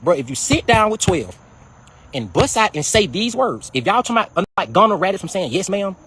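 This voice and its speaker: Fast, husky, high-pitched ranting man. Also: sing-song, a bit bright. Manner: profane, fast, repetitive calling-out. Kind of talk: heated casual rant.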